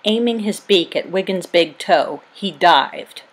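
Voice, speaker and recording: Storybook reader, woman, husky, lower-pitched voice, even narration. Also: a little slow, poor audio. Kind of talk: storybook read-aloud.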